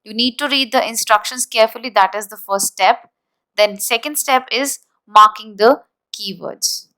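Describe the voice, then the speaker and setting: A woman teaching an exam-prep lesson, explaining deliberately and spelling words out letter by letter. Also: a little high, pushed and bright, rough recording. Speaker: IELTS teacher.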